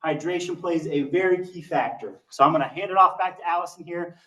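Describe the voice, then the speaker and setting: A man's voice: fairly high pitch, fairly quick, a bit bright, distant mic, poor audio. A man leading a seated exercise class, counting repetitions aloud in an upbeat, encouraging way and a little out of breath. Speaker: exercise instructor.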